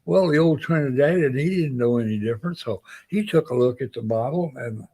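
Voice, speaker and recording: A man's voice: mid-range voice, brisk, breathy edge. An older man, a Navy veteran, telling a long personal story as an interview guest and acting out what others said. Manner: lively storyteller who acts out quoted voices. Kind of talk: spoken anecdote.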